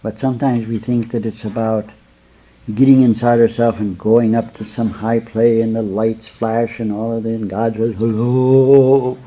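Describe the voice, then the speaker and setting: Husky-voiced man giving a slow spiritual talk. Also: lowish voice, flat delivery, mellow, highs cut off. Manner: slow, rambling, addresses listeners as beloved. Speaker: spiritual teacher.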